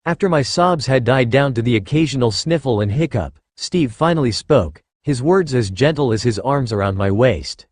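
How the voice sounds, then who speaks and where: Man reading a story aloud, lively. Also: mid-range voice, normal speed, few pauses, no echo, studio quality. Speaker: story narrator. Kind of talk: fan fiction audiobook narration.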